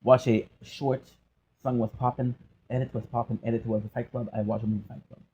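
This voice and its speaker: A gaming and movie vlogger rambles through a casual monologue, joking, cutting himself off, and breaking into sung snippets of song lyrics. His mid-range voice is brisk, slightly rough, and level in tone. The sound is dark and lo-fi.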